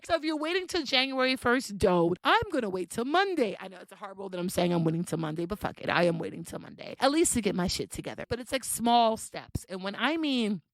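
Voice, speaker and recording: A woman's voice: mid-range voice, sing-song, fast, few pauses, no echo. A woman hosting a solo podcast, talking brashly and playfully, swearing freely and laughing often. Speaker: podcast host.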